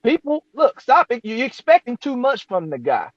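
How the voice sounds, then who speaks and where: A man's voice: very high-pitched, wildly swooping pitch, normal speed, dry recording, highs cut off. A man in a heated casual debate on boxing, cutting in often, swearing and repeating himself to take the floor. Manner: cuts in, swears, repeats "hold up". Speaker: debate panelist.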